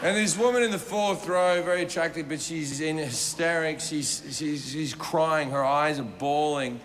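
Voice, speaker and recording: A man telling a stand-up comedy story in an animated, profane way, acting out the scenes. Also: a little high, normal speed, a little hiss or hum.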